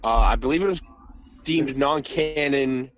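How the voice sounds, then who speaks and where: A man's voice: mid-range voice, a little slow, fairly bright tone. A man co-hosting a podcast, hesitantly sharing trivia in casual chat. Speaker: podcast co-host.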